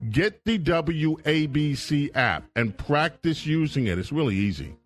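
A man's voice: on the high side, expressive, unhurried. Guy hosting a radio call-in show, upbeat and playful, studio mic, faint music behind. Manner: upbeat, playful announcer patter. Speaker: radio talk show host. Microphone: studio microphone.

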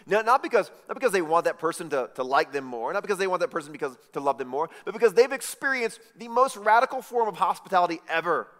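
A man preaching a sermon, swinging from loud emphatic lines to hushed, intimate ones. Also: sits high, expressive, fast, hardly any pauses. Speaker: pastor. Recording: reverberant hall.

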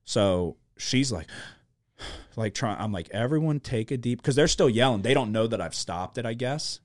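A man's voice: medium pitch, lively intonation, moderate pace, no echo, studio quality. A young man hosting a podcast, telling a chaotic story in casual chat, with lots of swearing and filler words.

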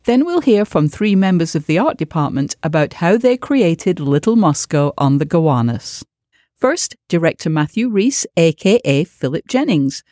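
Woman, podcast host, interviewer, lively pitch, easy laughs. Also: normal speed. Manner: lively questioning, laughs easily.

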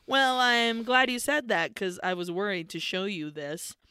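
A woman's voice: medium pitch, steady tone, a little slow, pushed and bright, clear, resonant tone. A woman voicing a frightened young woman teacher who pleads in exasperation. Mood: pleading.

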